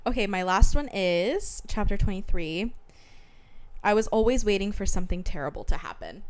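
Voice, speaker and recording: A woman's voice: mid-range voice, lively intonation, moderate pace. A young woman co-hosting a book podcast, chatting casually and enthusiastically, laughing easily. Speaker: podcast co-host. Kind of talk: casual chat about books.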